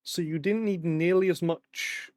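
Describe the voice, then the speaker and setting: A man's voice: fairly high pitch, fairly even intonation, a little slow, a little mellow, no echo, studio quality. A young British man casually chatting and rambling on a live stream, swearing often, his voice cracking in the heat. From Britain. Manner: rambling, sweary, with frequent fillers.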